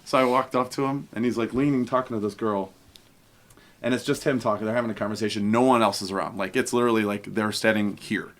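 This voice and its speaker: A man, a podcast guest, telling casual stories in an animated way and acting out the voices of people he quotes. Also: on the low side, fast talker. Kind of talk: casual storytelling.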